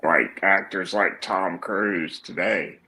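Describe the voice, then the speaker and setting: Slow gravelly-voiced man. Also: deep voice, bright, forceful tone, rough recording. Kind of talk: casual chat.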